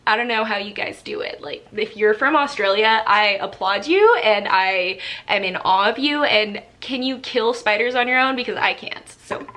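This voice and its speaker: A young woman chatting excitedly as she unboxes a book subscription box in a casual vlog. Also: medium pitch, moderate pace. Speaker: book vlogger.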